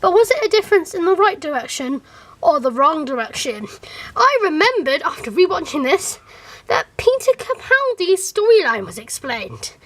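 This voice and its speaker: High-voiced chatty woman. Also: moderate pace. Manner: animated, rambling, with many fillers and restarts. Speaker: fan reviewer. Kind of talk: casual chat to camera.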